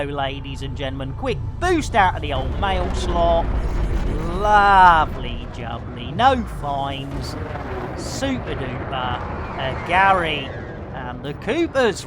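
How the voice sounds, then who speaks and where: A man's voice: on the high side, noisy background. A man giving playful, theatrical commentary on a live game stream. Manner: jokey, theatrical, lots of pet phrases.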